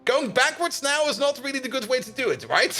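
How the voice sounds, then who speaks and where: Live-streaming a game, a young German man speaks English with a German accent in a very high-pitched, pushed and bright voice. He's chatty with his viewers, replying to chat and humming and laughing as he plays.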